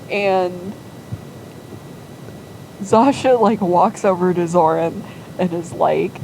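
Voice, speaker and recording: A woman's voice: lowish voice, steady tone, slow pace, pauses often, a little mellow, a little hiss or hum, poor audio. A woman casually telling a rambling fan story, acting out quoted lines and filling with "like". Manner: rambling, full of "like" and quoted voices.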